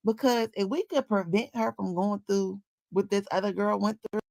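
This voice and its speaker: Commentator woman, slangy and direct, with a fry-heavy voice in a dry, close recording. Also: mid-range voice, steady tone, fairly quick, darkish tone, no room sound, poor audio. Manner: conversational, slangy, talks straight to viewers. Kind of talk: casual commentary.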